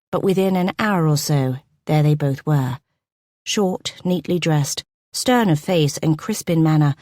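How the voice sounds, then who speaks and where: A woman narrating a period romance audiobook, her voice fairly low and measured. The reading is expressive and recorded close and dry. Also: no room sound. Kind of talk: scripted narration.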